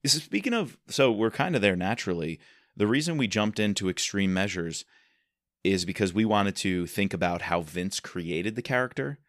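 A man with a very low voice talks through his take on a book series in a relaxed, opinionated way. The recording is dry and close-miked. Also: normal speed, no echo. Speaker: podcast host. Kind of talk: casual book discussion.

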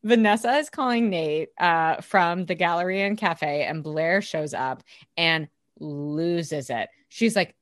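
Low-voiced woman co-hosting a podcast. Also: normal speed, no room sound, studio quality. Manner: swearing, joking, lively reactions. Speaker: podcast co-host. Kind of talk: casual recap chat.

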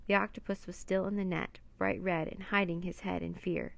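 A woman reading a children's chapter book aloud, steady and clear. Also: on the low side, moderate pace, dry recording. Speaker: narrator. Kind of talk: storybook read-aloud.

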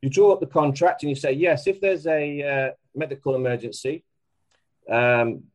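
A man talking as a podcast guest in a casual, emphatic and animated way, laughing often. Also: mid-range voice, rough recording.

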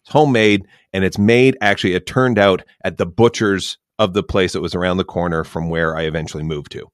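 A Canadian man co-hosting a podcast, telling a relaxed, rambling story with fillers and casual swearing. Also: sits low, fairly quick, dry recording, clean studio sound. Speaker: podcast co-host. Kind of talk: casual chat.

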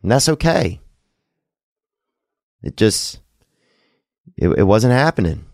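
Deep-voiced man hosting a call-in show. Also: very animated, slow pace, gravelly, darkish tone, no room sound, studio quality. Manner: loose, rambling, crude jokes with sincere advice. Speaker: podcast host taking calls. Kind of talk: casual call-in show chat.

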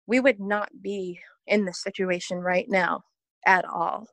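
A woman's voice: medium pitch, steady tone, unhurried, a bit bright, no echo. A woman guest on a podcast, talking in a rambling, earnest way and laughing often. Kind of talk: casual podcast chat.

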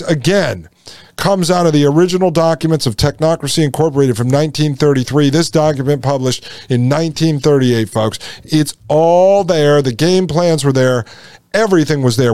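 A man's voice: fairly high pitch, darkish tone, no echo, clean studio sound. A man hosting a political commentary podcast, emphatic and repetitive, often calling his listeners folks. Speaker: podcast host.

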